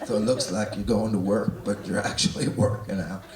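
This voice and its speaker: A man's voice: fairly low pitch, steady tone, moderate pace. Profane Canadian man ranting onstage. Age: 40s. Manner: profane, rambling, builds to loud rants. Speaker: stand-up comedian. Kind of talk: live stand-up routine. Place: large theatre, indoors. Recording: roomy, distant, loud crowd and noise. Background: audience laughter.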